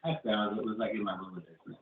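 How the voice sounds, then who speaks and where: Halting man on a distant, hissy phone line. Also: lowish voice, steady tone. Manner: halting, filler-heavy. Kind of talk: casual call-in chat. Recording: far-off tinny phone line with echo and loud hiss.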